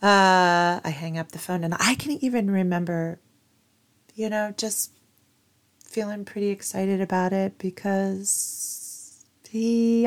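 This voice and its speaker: A woman's voice: mid-range voice, fairly even intonation, slow pace. A woman vlogger telling a personal story in a candid, chatty way, cursing casually and wandering off on asides.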